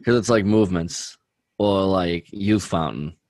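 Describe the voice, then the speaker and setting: Very deep-voiced man rambling casually. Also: unhurried, darkish tone, no room sound. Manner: rambling, heavy use of "like" and "dude". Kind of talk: casual chat about music.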